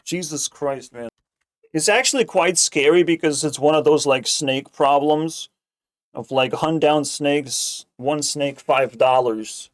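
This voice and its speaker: A man's voice: on the high side, slow. A man ranting sarcastically as a streamer, swearing constantly and rambling. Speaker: streamer reacting to a video. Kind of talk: casual profane rant.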